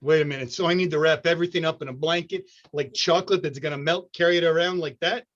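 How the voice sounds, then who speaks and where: A man's voice: a little high, fairly even intonation, fast, a bit bright, close to an everyday voice. Delivery worker who keeps objecting, played by a man in an improv scene, muffled call audio. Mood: indignant. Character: male delivery worker worried about the union.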